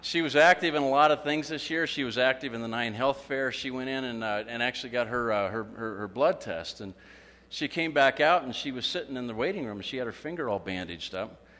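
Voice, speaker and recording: A man's voice: mid-range voice, brisk, pushed and bright. A man giving a humorous speech at a club meeting, telling jokes and acting out quotes. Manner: joke-telling with acted quotes. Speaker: club speaker. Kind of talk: humorous after-dinner speech. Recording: echoey hall, faint ambience.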